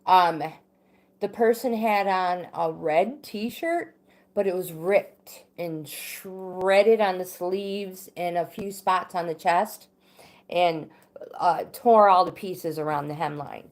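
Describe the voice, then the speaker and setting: A middle-aged woman recounting a story on a livestream, her pitch sitting a little low. She speaks slowly and unhurriedly, pausing often, restarting sentences and filling gaps with "um.". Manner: halting, many restarts and fillers. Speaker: livestream host. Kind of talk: casual storytelling.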